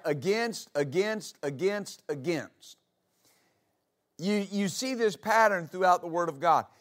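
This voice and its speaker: A male pastor preaching a sermon, slow and emphatic, repeating key phrases and building to loud exclamations. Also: sits high. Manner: rises to loud exclamations at climaxes.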